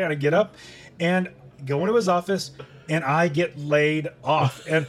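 A man's voice: fairly high pitch, normal speed, faint music behind. A middle-aged man, a podcast guest, telling a personal story in conversation and acting out his own past thoughts.

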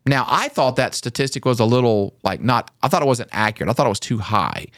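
A man's voice: mid-range voice, big pitch swings, fairly quick, dry recording, studio quality. A man in his forties hosting a podcast in a casual, earnest, conversational way. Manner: earnest, conversational, laughs often. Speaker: podcast host.

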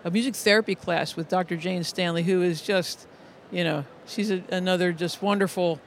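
A middle-aged man with a notably high-pitched speaking voice, talking as a music educator in an interview. He tells stories earnestly, often restarting and repeating words. Faint noise hums behind him. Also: fairly even intonation, normal speed. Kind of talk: conversational interview storytelling.

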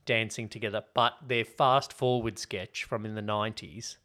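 A man hosting a casual film podcast, chatty and quick to laugh. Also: lowish voice, fairly even intonation, bright, forceful tone. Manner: chatty, laughs often, storytelling. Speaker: podcast host.

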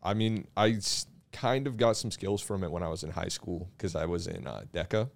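A young man telling stories in a relaxed casual chat, laughing at himself now and then. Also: deep voice, moderate pace, creaky. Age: young adult. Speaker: young real estate agent.

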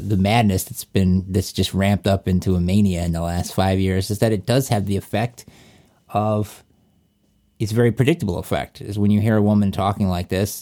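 A man's voice: on the low side, warm tone. A man talking casually and frankly as a podcast co-host, rambling with many restarts and blunt, profane asides. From Virginia. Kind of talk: casual chat.

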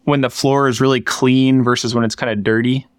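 A man's voice: medium pitch, flat delivery, fairly quick, smooth, dry recording. A man co-hosting a podcast in casual chat, rambling with lots of fillers and restarts. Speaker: podcast co-host. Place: workshop.

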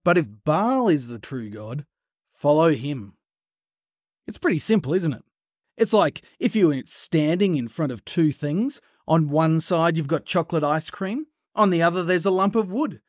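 Animated man telling a Bible story. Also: on the high side, no room sound, studio quality. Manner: animated, playful, with sudden hushed pauses. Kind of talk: retelling a Bible story for children.

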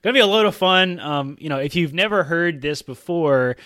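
A man's voice: on the high side, fairly quick, pushed and bright, no echo, studio quality. Rambling, joking man from Georgia. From Georgia, USA. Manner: rambling, joking and self-mocking. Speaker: podcast co-host. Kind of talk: casual podcast chat.

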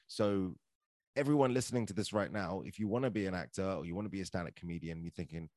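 Man, animated anecdotes, lowish pitch, dry close sound. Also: fast, no echo. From London, England. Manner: chatty, animated, filler-heavy with "like" and "right?". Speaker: podcast guest, actor and comedian. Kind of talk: casual storytelling.

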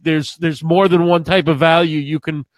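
A man co-hosts a live stream in an earnest, rambling way and often circles back over his own words. His voice sits a little high, and the sound is close and dry. It comes through a computer mic on a video call. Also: steady tone, normal speed, no room sound. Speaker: co-host. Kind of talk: casual live-stream chat.

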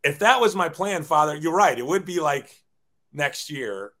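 A man's voice: fairly high pitch, lively intonation, moderate pace, fairly bright tone. A man in his forties, a guest telling his life story in a casual, self-deprecating way, often acting out quoted dialogue.

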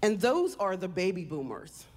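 A woman's voice: fairly low pitch, wildly swooping pitch, moderate pace, a little mellow. Woman telling a heartfelt personal story. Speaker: contestant giving a speech. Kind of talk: personal speech on stage. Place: on stage.

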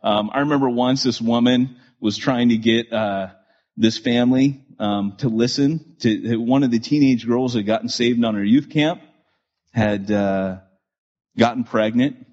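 Husky guy in his 40s preaching, rambly animated stories, kinda dull lo-fi sound. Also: mid-range voice, unhurried. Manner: animated storyteller with many restarts and asides. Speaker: pastor. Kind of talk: storytelling sermon to a live audience. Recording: dull lo-fi recording.

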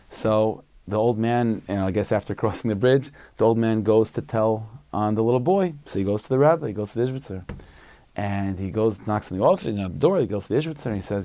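A man, a rabbi, telling a story in a relaxed, conversational sermon with frequent fillers. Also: lowish voice, fast talker, no echo.

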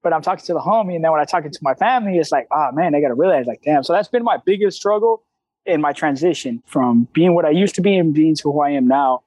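A man in his thirties with a high voice, talking in a candid, streetwise way full of slang and cussing. The sound is dry and close, with no room around it. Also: quick pace, darkish tone, no room sound, rough recording. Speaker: CrossFit coach, guest. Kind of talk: casual interview talk.

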